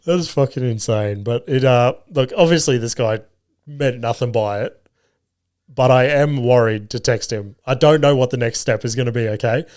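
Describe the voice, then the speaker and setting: A man's voice: mid-range voice, normal speed. A young Australian man hosting a podcast, telling a casual story with lots of swearing and acted-out dialogue. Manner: animated, swears freely, acts out quoted dialogue. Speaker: podcast host.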